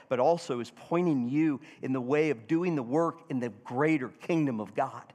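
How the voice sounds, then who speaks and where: A man preaching a sermon as pastor, asking the congregation questions and having them repeat words. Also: medium pitch. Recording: hall reverb.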